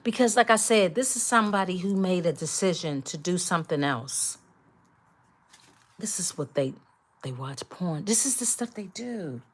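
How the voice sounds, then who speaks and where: A woman's voice: fairly low pitch, expressive, moderate pace. A woman doing a collective tarot reading, speaking emphatically and repetitively straight to her viewers. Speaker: tarot reader.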